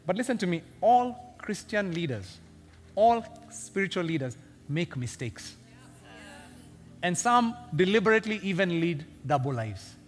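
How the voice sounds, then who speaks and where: A Kenyan man preaching with a high, lively voice that leaps around as he acts out characters and jokes with the congregation. His sermon rings with long reverb through a large church hall. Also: measured pace, soft background music. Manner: animated and humorous, acting out characters, laughing often. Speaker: senior pastor.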